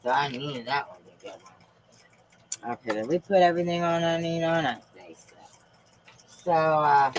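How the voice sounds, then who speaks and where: Low, slow-talking fervent woman. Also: a little hiss or hum, poor audio. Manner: profane, fervent, emphatic. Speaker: livestream host. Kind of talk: rambling live-stream monologue.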